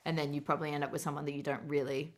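A woman around thirty, co-hosting a podcast in animated casual chat, swearing freely. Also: low-pitched, racing. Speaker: podcast co-host.

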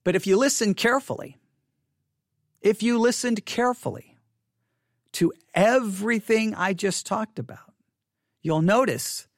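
Animated high-voiced male pastor. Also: gravelly, no room sound, studio quality. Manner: candid, self-deprecating, animated storytelling with frequent restarts. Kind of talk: livestreamed sermon. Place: church sanctuary.

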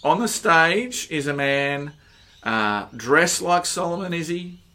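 A man preaching a sermon, slow and emphatic, pushing hard on key words. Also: a little high, animated, pushed and bright.

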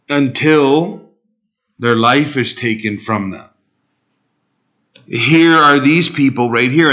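A man's voice: medium pitch, pushed and bright, highs cut off. A male pastor preaching an impassioned expository sermon, pleading and rising sharply for emphasis.

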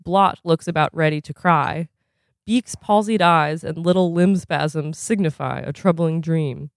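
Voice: mid-range voice, unhurried, creaky, no echo, studio quality. A reader giving a casual reading of a novel at home, often chuckling along the way.

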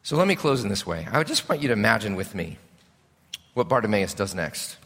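A man preaching a sermon as a pastor, impassioned, swinging between loud and hushed. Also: lowish voice, big pitch swings, fairly quick. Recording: preached in a reverberant hall.

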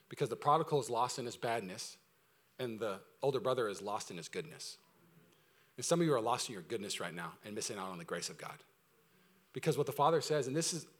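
A man preaching a sermon to his church, talking in an energetic, conversational way with humor, swinging between loud emphasis and quiet intensity. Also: medium pitch. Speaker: pastor. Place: church service before a congregation.

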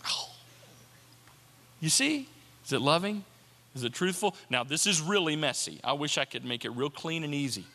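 A man's voice: a little high, bright, forceful tone. A man preaching a sermon as pastor, in a conversational, questioning way, then leading a prayer. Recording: long hall reverb.

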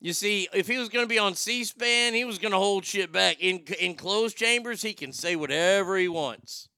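A show host with a high, gravelly yet crisp, clean voice and a sharp tone riffs sarcastically on the news at normal speed, rambling and swearing freely in profane comedic commentary. The sound is close and dry, with no room sound.

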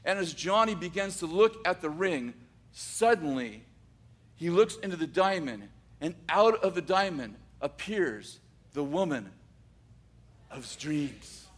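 A man telling a story aloud, unhurried, with dramatic pauses and frequent restarts. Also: on the high side, expressive. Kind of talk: oral storytelling.

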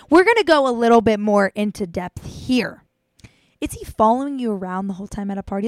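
A woman's voice: fairly high pitch, expressive, fairly quick, no echo, clean studio sound. A young woman hosting a casual talk, chatting playfully and acting out little voices as she gives dating tips. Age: young adult. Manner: chatty, playful, acts out voices of boys and friends. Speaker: host giving dating tips. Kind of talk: casual chat.

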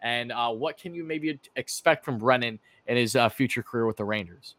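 A man's voice: mid-range voice, fairly quick, a bit bright, no room sound. A man hosting a casual live-stream sports podcast, chatty and run-on, with fillers and restarts. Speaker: podcast host.

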